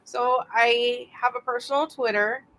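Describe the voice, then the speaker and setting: A woman photographer talking as a guest on a casual podcast, relaxed and conversational. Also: on the high side, unhurried, poor audio.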